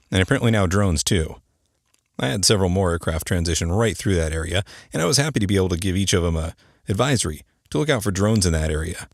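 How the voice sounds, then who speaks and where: A man in his thirties or older hosts his own podcast in a chatty, joking way. His voice sits low and he talks quickly. The sound is dry and close, with no room around it. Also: no room sound. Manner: chatty, joking, explains terms to listeners. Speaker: podcast host, air traffic controller. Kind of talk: casual podcast monologue.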